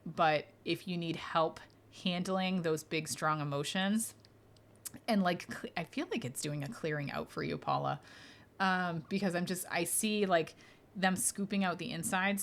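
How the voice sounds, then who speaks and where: Woman, deep voice, podcast host, medium, casual Q&A chat, reassuring, loose fillers. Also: fairly bright tone. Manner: chatty and reassuring, frequent fillers, laughs lightly. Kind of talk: casual podcast Q&A, reading listener questions.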